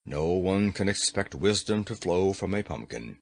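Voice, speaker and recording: A pompous giant insect, proud of its learning, holds forth in a low, smug voice, as a man puts it on. Its pitch rolls up and down grandly. This is a storybook reading. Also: lively intonation, moderate pace. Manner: smug, self-satisfied.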